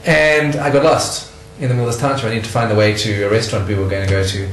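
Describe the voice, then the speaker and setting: A middle-aged South African man telling stories in a casual interview, animated and laughing often. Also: fairly low pitch, fast talker, echoey room, a little hiss or hum, poor audio.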